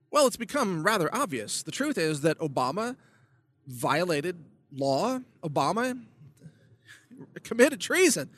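A man speaking alone to camera in a fairly high voice, ranting about politics. He is indignant and sarcastic, pressing his points hard and repeating himself for emphasis. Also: fairly bright tone, dry recording. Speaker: political commentator. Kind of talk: monologue video blog.

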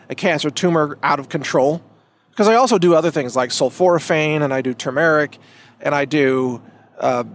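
A man on his own podcast, his voice pitched a little high for a man. He talks in a loose, rambling monologue, doubling back on his words and leaning hard on emphatic points. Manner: rambling, emphatic, many restarts. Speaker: podcast host. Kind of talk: casual monologue.

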